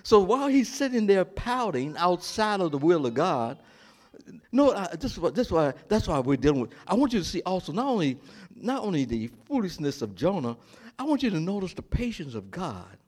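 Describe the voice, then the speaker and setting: A male pastor delivering a sermon with a swooping, expressive voice that sits a little high for a man. He keeps the congregation involved with call-and-response questions. He acts out the characters of the story in dramatic voices. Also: fairly quick.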